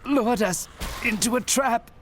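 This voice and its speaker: A woman voicing a grim, shaken female warrior in a video game, with a high-pitched, old-school eighties cartoon sound and urgent, clipped delivery. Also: unhurried, slight background noise, natural voice.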